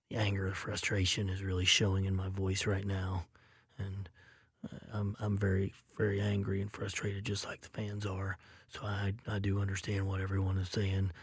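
A man impersonating a mumbling, too-calm ball manager. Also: breathy edge, dry recording. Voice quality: soft, low and hard to hear. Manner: flat, unbothered, mumbled with fillers. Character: calm, laid-back male baseball manager, mumbling.

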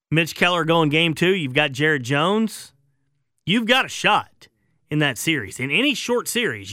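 A man's voice: fairly high pitch, pushed and bright, no echo, clean studio sound. A man hosting a sports talk show, giving emphatic, opinionated takes that trail off at the ends of phrases.

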